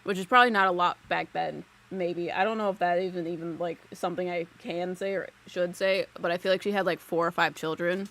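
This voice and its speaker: A woman's voice: on the low side, fairly even intonation, a little fast, hardly any pauses, a bit bright. Chatty woman on a live reading stream. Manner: chatty, giggly, lots of "like" fillers. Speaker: psychic medium streamer. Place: home room at a desk. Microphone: desk mic on a live stream.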